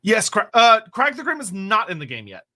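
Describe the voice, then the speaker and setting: A man's voice: high-pitched, huge pitch swings, a little fast, bright, forceful tone. A man hosting a casual stream, reading out viewer questions in a loose, rambling way with casual swearing. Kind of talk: casual livestream chat.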